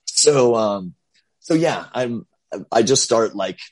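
A man who teaches English online, chatting casually and telling lively stories, acting out the voices of the people in them. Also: mid-range voice, takes it slowly, husky. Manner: animated storyteller, acts out quoted voices. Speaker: English teacher and content creator. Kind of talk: casual chat.

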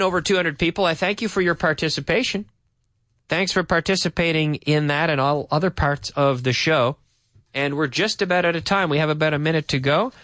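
A man's voice: fairly high pitch, a bit bright, dry recording, studio quality. Canadian man teaching English on radio. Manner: friendly, explaining slowly with examples, reading listener messages. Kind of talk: live radio English lesson. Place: radio studio.

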